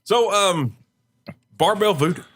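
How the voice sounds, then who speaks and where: A man's voice: high-pitched, expressive, slow pace, background noise. A man hosting a casual talk show, joking around with guests. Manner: jokey, does cartoon voice impressions. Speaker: host. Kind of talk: casual chat.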